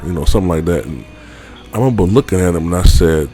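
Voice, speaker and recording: Guy with a really low voice just rambling on, lots of you know and like, faint music behind. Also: animated, racing, dark tone. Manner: rambling, full of "you know" and "like", swears casually. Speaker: vlogger. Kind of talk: casual storytelling.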